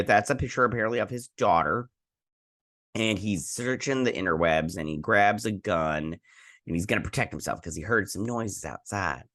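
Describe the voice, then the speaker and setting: Animated man recapping in a low voice. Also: dry recording, studio quality. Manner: rambling, animated retelling with quoted lines. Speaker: host. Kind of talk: casual episode recap.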